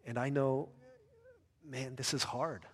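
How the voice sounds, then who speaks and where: A man preaching a sermon as a pastor, earnest, rising to loud emphatic peaks and dropping soft and low. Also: steady tone, slow, breathy edge, in a large hall.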